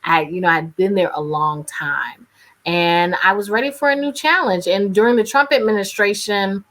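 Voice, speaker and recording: A woman's voice: medium pitch, normal speed, fairly bright tone. A woman in her thirties with a North Carolina accent. She is a radio journalist talking candidly in an interview over a video call, and she laughs easily. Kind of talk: casual interview talk.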